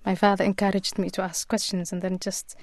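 A woman guest in a radio interview, speaking earnestly and in a measured way with frequent pauses. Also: mid-range voice, little pitch movement, no echo. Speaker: author and guest.

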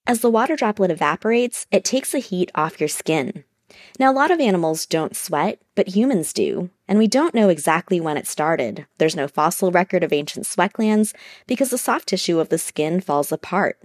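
A woman science reporter narrating a scripted radio news feature in a measured, explanatory way. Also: fairly low pitch, animated.

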